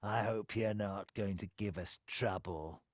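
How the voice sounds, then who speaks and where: A man voicing a rasping, semi-human male demon in an audiobook, slow and sneering, then shrill and begging. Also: no echo, clean studio sound, lightly acted. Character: rasping male demon legion, cowering and wheedling. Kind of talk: audiobook character voice.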